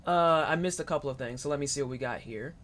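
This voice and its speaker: A streamer with a mid-range voice talks quickly while playing a horror game. The live commentary is animated, jokey and full of swearing.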